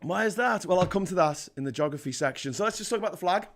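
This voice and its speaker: Man in his forties, slightly high voice, chatty and jokey, live-stream host reading chat, lots of restarts. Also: animated, fast talker, a bit bright. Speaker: history show host.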